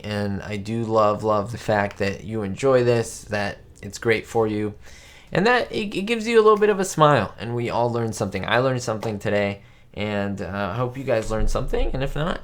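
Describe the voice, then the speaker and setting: A man hosting a live stream, reacting to an old comedy with frequent laughter and exclamations and talking straight to his viewers. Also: on the low side. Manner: giddy, laughs often, exclamatory; chats directly to viewers. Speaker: channel host.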